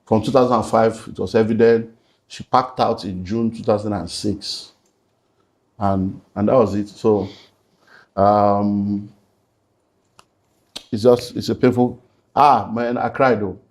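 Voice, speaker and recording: A man's voice: lowish voice, fairly even intonation, a little slow, pauses often, a little mellow. Nigerian man, middle-aged, pastor guest, earnest testimony with Pidgin asides. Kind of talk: emotional personal testimony.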